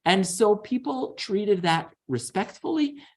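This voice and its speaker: A man, a rabbi, giving a synagogue lecture, talking earnestly with many fillers and restarts and dropping low and quiet for the stories he tells. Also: animated, slow.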